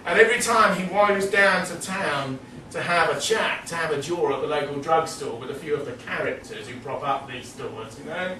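A man giving a rambling, animated literary talk with frequent laughing asides. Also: fairly high pitch, moderate pace, hardly any pauses, a little hiss or hum. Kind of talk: casual lecture-style literary talk. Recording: roomy, distant mic, faint ambience.

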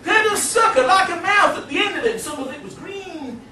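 A man voicing a frightened rural witness who shouts and drawls, recorded in an echoey room away from the mic. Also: very high-pitched, animated, brisk, distant mic, background noise, voice pushed up. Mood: frantic.

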